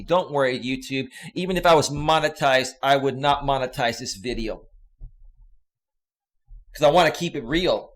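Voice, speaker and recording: A man's voice: on the high side, sharp tone. A man hosting a livestream, ranting in a heated, profane, repetitive way at his audience. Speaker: livestream host and coach. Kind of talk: angry livestream rant.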